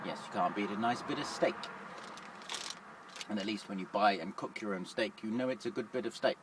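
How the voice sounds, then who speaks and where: A man's voice: lowish voice, fairly quick, recorded from a distance, noisy background. A man, a lorry driver chatting wryly through a casual cooking vlog from his cab. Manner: chatty, self-deprecating, wry.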